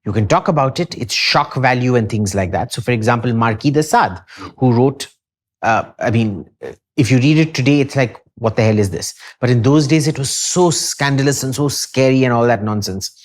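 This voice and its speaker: A man's voice: mid-range voice, moderate pace. A man with an Indian accent, a podcast guest lecturing emphatically and with strong opinions in a casual discussion.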